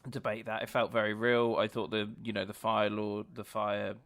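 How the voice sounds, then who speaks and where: A sleepy man co-hosting a casual podcast, his voice gravelly with vocal fry. He is hesitant and apologetic and restarts his sentences often. The recording is dry and close. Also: fairly low pitch, little pitch movement, normal speed, a bit bright, no echo. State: sleepy, yawning. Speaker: podcast co-host. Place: home recording in Australia.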